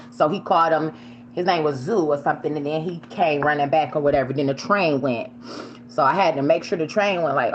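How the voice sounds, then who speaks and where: A woman casually telling a story while she eats on camera, animated and swearing freely, sometimes shrieking the words she yelled. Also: fairly low pitch, fast, muffled recording, a little hiss or hum. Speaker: vlogger.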